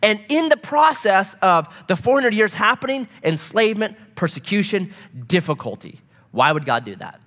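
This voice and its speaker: A middle-aged man preaching a sermon, telling stories in an animated way and swinging from loud to soft. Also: high voice, moderate pace. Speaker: pastor. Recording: long hall reverb.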